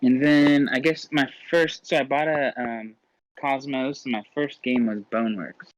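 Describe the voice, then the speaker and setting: A man's voice: medium pitch, fairly even intonation, moderate pace, lo-fi sound. A man guesting on a podcast, chatting casually and laughing often as he tells stories. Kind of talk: casual chat.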